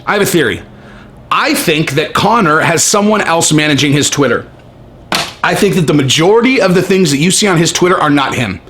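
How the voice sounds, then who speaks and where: A man's voice: a little high, animated, a little fast, noisy background. A man ranting in a casual vlog, brash and profane, stressing his points. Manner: brash, profane, emphatic, keeps saying okay. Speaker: MMA commentary vlogger. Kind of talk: casual opinion rant.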